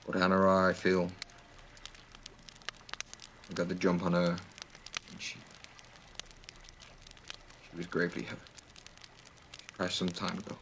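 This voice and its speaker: Male game master, very deep voice, rambling and descriptive narration. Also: creaky, fairly bright tone, slight background noise, rough recording. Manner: loose, descriptive, many fillers.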